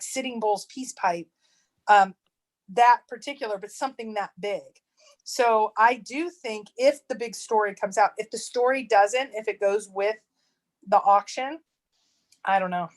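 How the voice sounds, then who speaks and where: A woman co-hosting a casual livestream chat, rambling with restarts and quick to laugh. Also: mid-range voice. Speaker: treasure hunt channel co-host.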